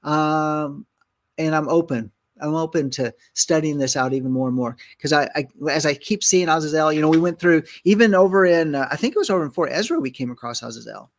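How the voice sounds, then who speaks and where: A man's voice: a little high, brisk. A man hosting a Bible teaching show, thinking aloud with many fillers and restarts and reading scripture aloud. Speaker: ministry host and Bible teacher. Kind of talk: conversational Bible teaching on a broadcast.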